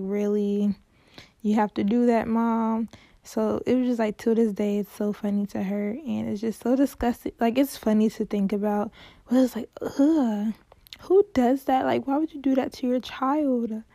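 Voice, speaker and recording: A woman's voice: on the high side, gravelly, dark tone, no echo, clean studio sound. A young woman telling a story in a casual, chatty way, full of "like" fillers and dramatic exclamations. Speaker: podcast host.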